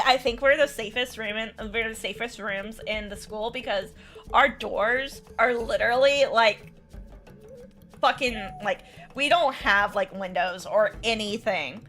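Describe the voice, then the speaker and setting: A woman's voice: fairly high pitch, pushed and bright. Rambling, laughing young woman streamer. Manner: rambling storytelling with many restarts and laughs. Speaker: art streamer and teacher. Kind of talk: casual livestream chat.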